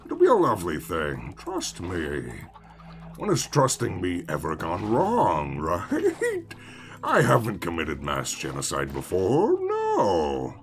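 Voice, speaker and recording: A male streamer with a low, gravelly voice drifts through sarcastic, rambling gameplay chatter. He talks slowly, his pitch swings widely, and faint music sits underneath. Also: wildly swooping pitch. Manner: sarcastic rambling self-talk. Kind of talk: casual gameplay commentary.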